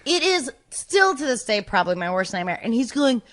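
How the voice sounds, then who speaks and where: A woman's voice: fairly high pitch, brisk. A woman guest on a podcast, casually telling a long embarrassing anecdote, rambling and interrupting herself. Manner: rambling, self-interrupting, animated when retelling. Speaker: podcast guest, former sketch comedy cast member.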